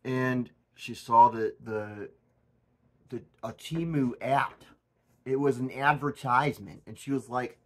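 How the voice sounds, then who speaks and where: A man rambles through his comedic vlog in a husky, slightly rough voice. He lurches between shouted excitement and low, mumbled asides, never settling into one level. His pitch stays in an ordinary middle range. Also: slow. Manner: goofy and erratic, swinging from loud outbursts to mumbled asides. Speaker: channel host.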